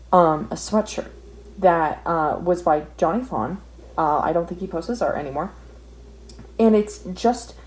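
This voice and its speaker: A woman's voice: lowish voice, a little mellow, poor audio. A young woman telling a story while she draws, ranting and swearing in an exasperated, casual way. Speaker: vlogger.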